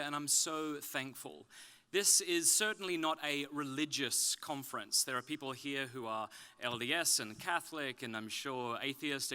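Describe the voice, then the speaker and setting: A man from Australia with a softened Australian accent gives a public talk at a conference, with wry, self-deprecating humor. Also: a little high, clear, resonant tone. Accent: Australian, softened toward British. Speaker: conference speaker. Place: conference stage.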